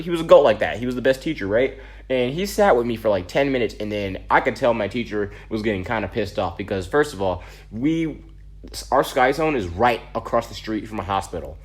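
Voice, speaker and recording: Guy telling a wild story to camera, animated and slangy, average pitch. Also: husky. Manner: animated, dramatic, slangy retelling. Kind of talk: casual storytime monologue.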